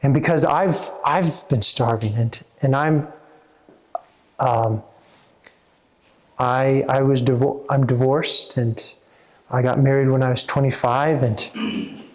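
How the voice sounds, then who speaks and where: A man's voice: mid-range voice, fairly even intonation, slow, long pauses, a little mellow. Earnest man talking with many restarts. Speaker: therapist and coach. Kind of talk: talk to a small audience.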